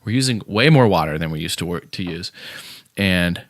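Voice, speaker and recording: A man's voice: deep voice, animated, normal speed, dry recording, clean studio sound. A man hosting a podcast in casual, opinionated chat, blunt and sarcastic, with many fillers and restarts. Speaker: podcast host.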